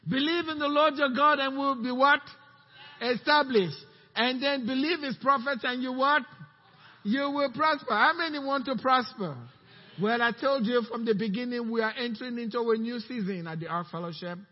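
Man, pastor, sermon, husky, dull lo-fi church recording. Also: very high voice, moderate pace, long reverb tail. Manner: animated preaching, asking the congregation questions. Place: church sanctuary.

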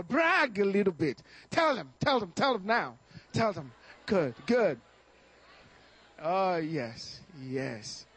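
A male pastor preaching a fervent sermon to his congregation, exhorting them with bursts of shouting and chuckles. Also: high voice, big pitch swings, slow, slightly rough. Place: church service.

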